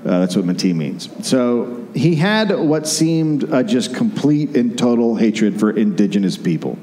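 A man's voice: mid-range voice, big pitch swings, unhurried, warm tone, a little hiss or hum. Rowdy comedian man in a roomy hall. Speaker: comedian podcast co-host. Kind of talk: live comedy podcast storytelling. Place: live theater stage.

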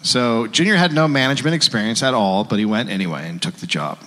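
A man's voice: mid-range voice, expressive, quick pace, a bit bright. A man co-hosting a live comedy podcast, telling a history story with a wry manner. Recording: live show in a hall.

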